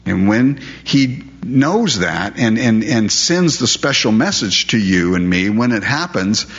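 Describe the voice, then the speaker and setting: A man's voice: fairly low pitch, big pitch swings, unhurried. A man preaching a conversational verse-by-verse sermon, often asking the audience rhetorical questions. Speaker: pastor. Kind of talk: expository sermon. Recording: dull lo-fi recording.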